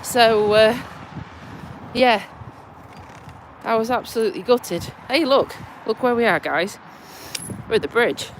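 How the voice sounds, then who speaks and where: A woman's voice: a little high, a little slow, pauses often, slight background noise. A woman with a Lincolnshire accent chatting bluntly on a live stream while walking outdoors, out of breath and stuffy with a cold. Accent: Lincolnshire English. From Lincolnshire, England. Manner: chatty and blunt, swears casually. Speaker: vlogger and community nurse. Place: outdoors by a tidal river bridge.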